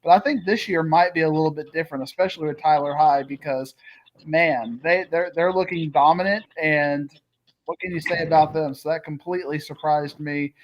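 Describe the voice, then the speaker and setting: A man reviewing high school football in an analytical, steady way. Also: normal speed, dull audio, a little hiss or hum. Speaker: sports show co-host. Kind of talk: casual sports talk.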